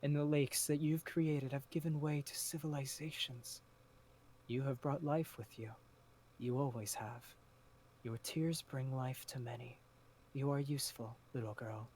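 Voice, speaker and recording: A man voicing a gentle, tentacled spirit of sorrow in a told story, speaking slowly and soothingly. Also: medium pitch, steady tone, a little hiss or hum, lightly acted. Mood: reassuring.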